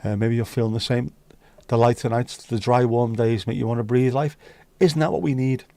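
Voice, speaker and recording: A man's voice: mid-range voice, fairly even intonation, normal speed, creaky, dark tone, dry recording. A man from the United Kingdom hosting a casual livestream chat, talking bluntly and swearing freely. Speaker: livestream host.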